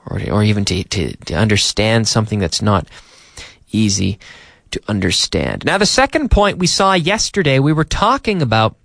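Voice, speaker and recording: A man's voice: fairly low pitch, very animated, moderate pace, creaky, fairly bright tone, no echo. A man teaching English on a radio show from a studio, often repeating and rephrasing for learners. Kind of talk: radio language lesson. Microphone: studio microphone.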